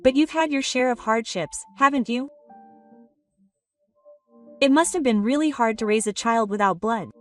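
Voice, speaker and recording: A woman's voice: on the high side, normal speed, long pauses, distant mic, faint music behind, close to an everyday voice. Pompous older father-in-law, read by a woman. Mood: patronizing. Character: arrogant older father-in-law, company boss.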